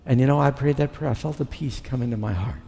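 Middle-aged guy preaching his testimony, mellow voice, big echoey hall. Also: mid-range voice, quick pace, gravelly, husky. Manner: storytelling, acts out his own past dialogue. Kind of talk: sermon testimony. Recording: long hall reverb.

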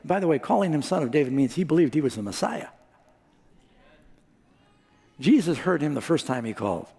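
This preacher's voice is on the high side, creaky yet mellow, with big pitch swings and a fast pace. He tells stories dramatically, voicing the people in them, and asks the crowd for amens. Long hall reverb surrounds the recording.

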